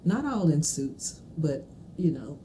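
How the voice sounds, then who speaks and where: Woman, podcast guest, very low voice, very dark tone, reflective storyteller. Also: very animated, slow, a little hiss or hum. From Mississippi Delta. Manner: reflective, warm storytelling with laughs. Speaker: guest, trial lawyer. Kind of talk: casual conversational interview.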